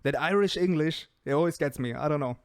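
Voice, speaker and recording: A man's voice: a little high, a little fast, clear, resonant tone, dry recording, clean studio sound. A man hosting a casual group call, asking questions in a playful, teasing way. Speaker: host. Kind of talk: casual chat.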